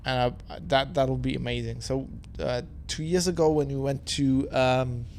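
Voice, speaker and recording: A man's voice: mid-range voice, fairly even intonation, normal speed, darkish tone, a little hiss or hum. A man chatting casually on a live stream, tipsy and rambling, laughing often and swearing. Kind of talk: casual chat.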